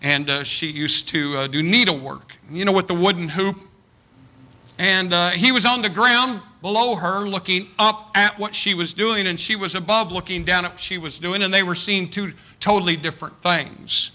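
A man preaching a sermon. He reads a poem dramatically, slowing down and rising for emphasis, and stumbles and repeats words when he talks loosely. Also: high-pitched, sharp tone. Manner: dramatic poetry reading, slows and rises for emphasis.

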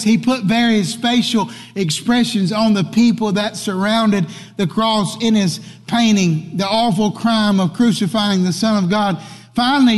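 Male pastor, high-pitched, fervent sermon delivery, reverberant church. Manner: preaching with rising, shouted emphasis. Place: church sanctuary. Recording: long hall reverb.

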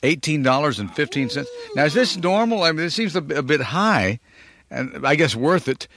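Bright upbeat guy dj, joking around with callers on air. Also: on the high side, lively intonation, moderate pace. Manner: playful, chatty, teasing callers. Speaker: radio countdown host. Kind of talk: upbeat radio DJ patter.

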